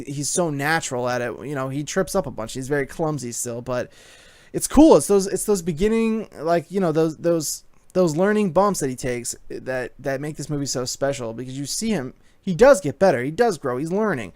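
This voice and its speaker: A man giving a casual movie review, excited and rambling, with lots of fillers. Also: fairly high pitch, normal speed, no echo.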